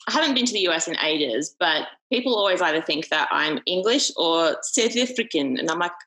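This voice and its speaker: Candid young Australian woman, bright voice. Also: lowish voice, expressive, brisk, poor audio. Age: young adult. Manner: candid, swears freely, many "like" fillers. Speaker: guest. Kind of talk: casual podcast conversation.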